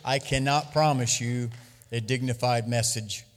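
A man preaching a sermon to a church congregation, lively and loud at times. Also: mid-range voice, unhurried, long reverb tail. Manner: lively, loud bursts, sings and laughs at times. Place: church hall. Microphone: handheld mic.

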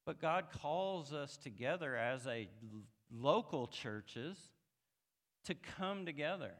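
A man preaching a sermon as pastor, moving from quiet reflection to emphatic, rising passages. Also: a little high, lively intonation, slow pace. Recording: long hall reverb.

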